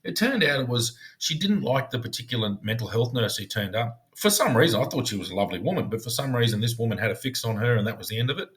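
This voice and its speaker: A man telling stories on a casual podcast chat with his co-host. His voice sits at an ordinary middle pitch, and he talks in a relaxed, chatty way as he recounts work anecdotes. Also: quick pace, hardly any pauses. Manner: storytelling, slips into funny put-on voices for quoted people. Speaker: podcast co-host, former police negotiator.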